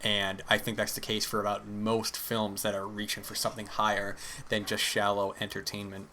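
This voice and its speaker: A man's voice: lowish voice, completely flat delivery, moderate pace, pushed and bright, a little hiss or hum. A man hosting a podcast, talking through a film in an earnest, rambling monologue and correcting himself as he goes. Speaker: podcast host. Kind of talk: casual film commentary monologue.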